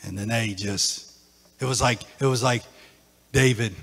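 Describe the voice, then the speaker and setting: A man preaching a sermon as pastor, emphatic and repetitive, his voice rising into shouts. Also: medium pitch, unhurried, slightly rough, long reverb tail. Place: church sanctuary.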